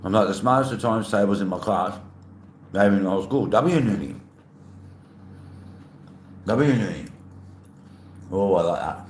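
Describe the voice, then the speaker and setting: Deep-voiced man chatting on stream. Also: animated, a little slow, pauses often, a little mellow. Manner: chatty, reads chat aloud, playful. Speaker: livestreamer. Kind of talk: casual live-stream chat. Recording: echoey room, faint ambient noise.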